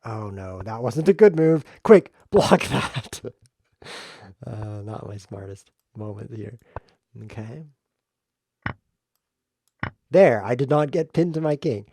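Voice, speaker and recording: A man talks through his own chess game on a live stream, joking and getting excited at each turn of play. His voice sits in an ordinary middle register. The sound is dry and close, with no room around it. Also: medium pitch, slow pace, pauses often, no echo. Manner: jokey, excitable self-talk while playing.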